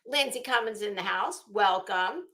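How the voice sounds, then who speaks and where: Reading comments aloud on her casual commentary livestream, this middle-aged host rambles from her home office and welcomes viewers by name. She speaks at a moderate pace in a bright, mid-range voice with a forceful tone.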